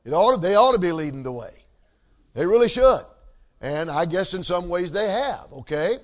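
A man preaching a sermon, emphatic, repeating key words and checking in with the congregation. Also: high-pitched. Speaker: pastor.

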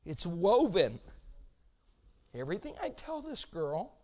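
Man, pastor, sermon, high voice, shouts then hushes, acts out quotes. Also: wildly swooping pitch, takes it slowly. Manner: preaching with sudden shouts and hushed storytelling.

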